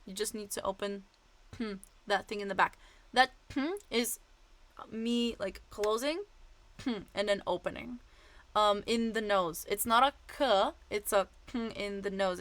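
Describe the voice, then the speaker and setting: A woman's voice: mid-range voice, a bit bright. A woman voice teacher explaining vocal exercises in a casual, demonstrative way with frequent fillers.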